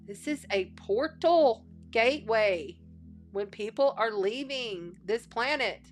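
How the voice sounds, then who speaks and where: Over faint music, a woman talks slowly in a fairly high voice with lively intonation. Her tarot and astrology reading is casual and spiritual, folksy and chatty, with phrases repeated to drive points home.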